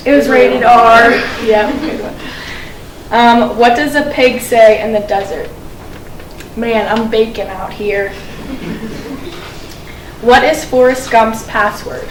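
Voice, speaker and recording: Young woman comic, fairly high voice, slow deadpan delivery with ums, echoey room, mic far off. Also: a little hiss or hum. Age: young adult. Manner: deadpan, hesitant with frequent ums. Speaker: student comic. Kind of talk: stand-up one-liners.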